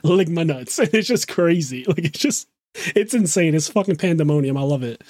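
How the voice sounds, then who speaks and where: A man with a fairly high voice chats excitedly, swears freely and laughs a lot. The recording is dry and close, with no room echo. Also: a little fast. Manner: excitable, profane, laughs often. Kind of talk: casual podcast chat.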